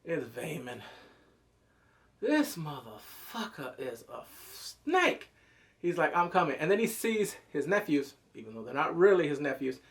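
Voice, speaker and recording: A man reviewing a TV episode in excited casual commentary, cursing freely, breaking into loud exclamations and quick character impressions. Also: fairly high pitch, creaky. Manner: animated, profane, jumps into loud exclamations; mimics characters in quick asides.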